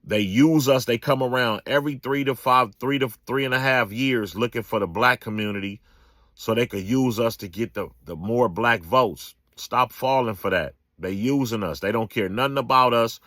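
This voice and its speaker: A man's voice: mid-range voice, moderate pace, a bit bright, dry recording, clean studio sound. A man, giving a casual, emphatic political rant full of slang and repetition. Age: 40s. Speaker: political commentator.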